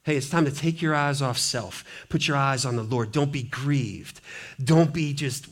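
A male pastor preaching a sermon in a church. He is animated and conversational, with playful asides and sudden drops to a hushed intensity. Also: mid-range voice, a little slow. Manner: animated, swings from loud emphasis to hushed intensity. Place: church sanctuary.

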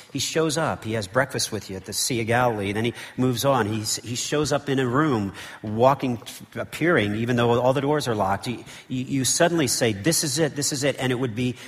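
A man preaches to his congregation, acting out the story with rising energy and rhetorical questions. His voice sits at a middling pitch. A long reverb from the church sanctuary trails behind every phrase. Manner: animated storytelling, rhetorical questions, frequent "okay?". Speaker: pastor. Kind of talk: sermon.

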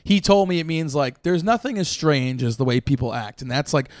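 A man co-hosting a comedy podcast, riffing in a loud, jokey, sarcastic way. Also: on the high side, lively intonation, a little fast, dry recording, studio quality. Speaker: podcast co-host. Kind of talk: comedic banter.

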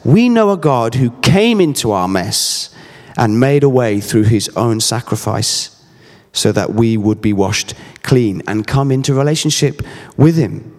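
A man's voice: medium pitch, animated, unhurried, darkish tone, in a large hall. A man in his thirties preaching a sermon, earnest and emphatic, mixing scripture with personal stories. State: briefly emotional.

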